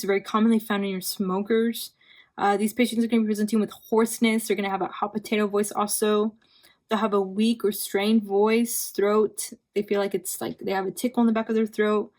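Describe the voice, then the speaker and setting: A woman's voice: mid-range voice, a little mellow. A young woman giving a casual study review lecture, talking conversationally, repeating key terms and checking in with "right?", a bit tired from hours of recording. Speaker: physician assistant student.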